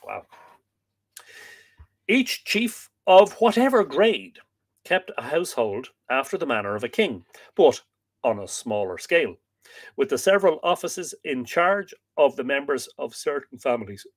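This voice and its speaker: A man's voice: medium pitch, big pitch swings, a little slow. Sleepy Irish man reading aloud. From Ireland. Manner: jokey, greets viewers between passages, stumbles over hard names. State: sleepy, yawning. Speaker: livestream host reading aloud. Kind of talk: reading an old history book aloud and chatting with viewers.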